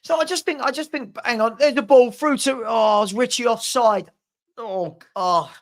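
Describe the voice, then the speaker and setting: High-voiced exasperated man commentating. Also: normal speed. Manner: exasperated, blunt running commentary; reads out and answers viewer comments. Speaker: fan watchalong host. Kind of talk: live match commentary and chat. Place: at home with a dog.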